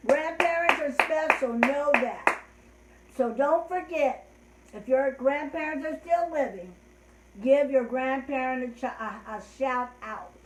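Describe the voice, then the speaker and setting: An older woman hosting a children's show, gently and heartfeltly telling a story and leading rhymes. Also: high voice, a little slow, a little hiss or hum. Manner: gentle, heartfelt, trailing off softly. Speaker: host. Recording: roomy echo.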